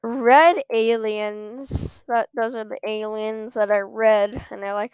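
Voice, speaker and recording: A woman's voice: a little high, steady tone, slow pace, darkish tone, smooth, no room sound. A woman giving live commentary on her own gameplay at a computer, ranting in frequent exasperated outbursts. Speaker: gamer streaming her own play.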